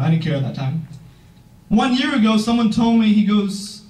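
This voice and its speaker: Teen boy, earnest motivational speaker, high voice, mic far off in a reverberant room. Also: expressive, fairly quick, a little mellow. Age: teens. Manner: earnest, emphatic, asks the audience questions. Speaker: youth founder giving a talk. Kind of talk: motivational speech. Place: event room, heard from a distance.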